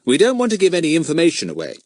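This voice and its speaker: A man voicing a clever, self-assured boy who leads a group of young sleuths, talking brisk and sure. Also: on the high side, huge pitch swings, a little mellow, voice pushed up. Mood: confident.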